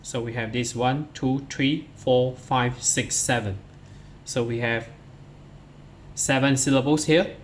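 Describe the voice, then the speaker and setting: A man's voice: mid-range voice, fairly even intonation, slow, a little hiss or hum. A man teaching English to pupils, walking through workbook answers step by step and counting syllables aloud one at a time. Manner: addresses pupils directly, starts many lines with "so".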